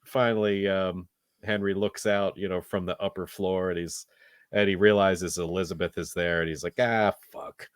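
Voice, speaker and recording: Low-voiced rambling podcast guy. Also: level tone, moderate pace, clean tone, dry recording, studio quality. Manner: rambling, lots of fillers and restarts. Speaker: podcast co-host. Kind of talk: casual film review chat.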